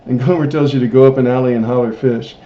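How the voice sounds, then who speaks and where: A man voicing a calm, slow-talking small-town sheriff in a deep, drawling voice. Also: natural voice. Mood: patient recounting. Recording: roomy, dull lo-fi recording.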